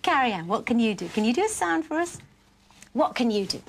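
A woman's voice: fairly high pitch, sing-song, fairly quick, a little hiss or hum. A woman presenting a children's television programme, talking to small children in an encouraging, playful, sing-song teacher's manner. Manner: playful, gently coaxing.

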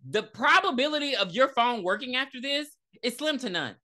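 A woman co-hosting a casual movie review podcast, retelling scenes with animated energy and frequent swearing. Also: high-pitched, brisk. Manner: animated retelling, acts out characters, profane. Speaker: podcast co-host.

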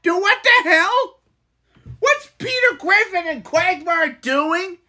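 Woman streamer, high and bright, unhurried, reacts to chat with exasperation. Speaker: live-stream host. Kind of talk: casual live-stream chat.

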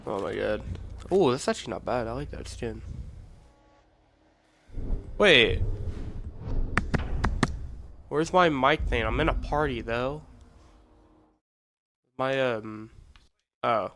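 A man's voice: medium pitch, lively intonation, slow pace, long pauses. A man streaming a shooter game, commenting casually and mocking himself and his teammates. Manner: self-mocking, exasperated outbursts at teammates. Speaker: gamer streaming his play. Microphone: phone recording. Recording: noisy game audio underneath.

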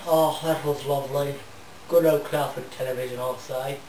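A man's voice: medium pitch, steady tone, moderate pace, darkish tone, recorded from a distance, slight background noise. Blustery man ranting from across a roomy space. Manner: blustery, mock-indignant, with fake foreign gibberish. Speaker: parody show host. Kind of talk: comedic ranting monologue.

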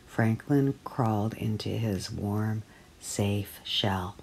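A woman reading a children's picture book aloud for storytime, gently and clearly. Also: very deep voice, takes it slowly. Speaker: storytime reader at early years centre.

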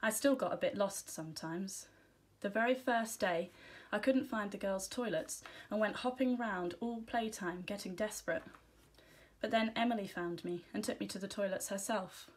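A woman teacher reading a children's storybook aloud, giving gentle, expressive first-person narration. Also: medium pitch, moderate pace.

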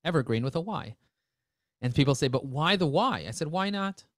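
A man presenting a live webinar, talking in energetic, joking sales patter. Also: mid-range voice, a little fast, no room sound, clean studio sound.

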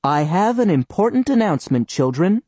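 In an audiobook, a man performs a prim, strict Soviet schoolteacher, raising his voice to a higher, lively pitch for her. At normal speed and in an announcing mood, her sweet politeness turns sharp and stern. The recording is close and dry.

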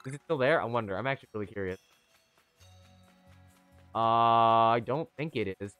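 A man giving chatty, excitable live commentary on a game he is playing, with sudden high squeals. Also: normal speed, clean tone, no room sound, phone-quality sound, soft background music. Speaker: streamer.

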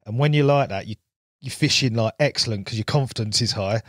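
A man's voice: mid-range voice, fairly quick, fairly bright tone, dry recording, studio quality. A man, a guest on a podcast, telling stories in casual chat and laughing often. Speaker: guest angler. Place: podcast studio.

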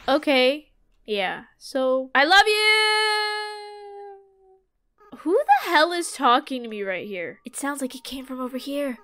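A young woman giving excitable, dramatic commentary while playing a game, talking back to its characters. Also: sits high. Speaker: let's play gamer.

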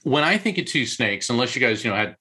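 A man, a psychic medium, explaining ideas and telling anecdotes in an interview, often acting out quick voices. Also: mid-range voice, husky. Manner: animated storyteller, does quick voices in anecdotes.

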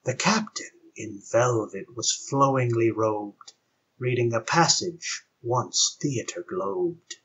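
Slow husky man reciting rhymed verse. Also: medium pitch, fairly bright tone. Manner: measured, storytelling cadence. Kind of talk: rhymed poem narration. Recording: dull lo-fi with faint guitar.

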